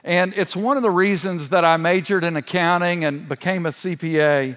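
A man's voice: sits high, moderate pace, noisy background. Earnest man preaching in a reverberant hall. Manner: earnest personal testimony with light laughter. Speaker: church elder. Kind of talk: sermon.

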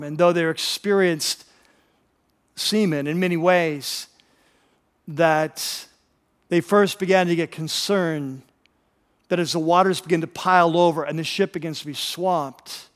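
Man, pastor, high voice, animated storytelling sermon, long hall reverb. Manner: animated, repeats words when excited.

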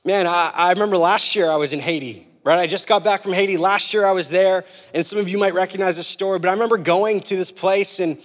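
A young man preaching a sermon, mixing scripture with a casual personal story, animated and chatty with lots of "like" and "right?". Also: high voice, fast talker, hardly any pauses. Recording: long hall reverb.

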